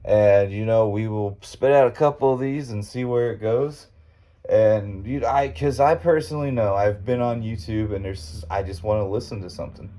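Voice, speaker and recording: Casting: middle-aged male podcast host, low mellow voice, folksy rambling storyteller who swears casually. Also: normal speed.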